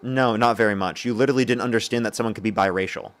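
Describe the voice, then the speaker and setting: A man's voice: fairly low pitch, rapid-fire. A man hosting a heated live debate, insistent and interrupting, repeating his demands. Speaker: host.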